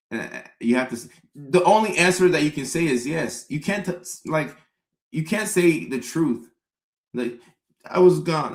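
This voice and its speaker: A young adult man tells comic stories in an animated way, slipping into mock-pleading impressions mid-rant. His voice sits at a middle pitch. The sound carries a roomy echo. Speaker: comedian. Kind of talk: comedic live-stream rant.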